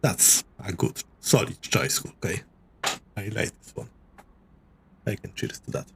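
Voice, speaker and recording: A man streaming a game live, chatting to his viewers in a rambling, halting way. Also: lowish voice, vocal fry, a little hiss or hum.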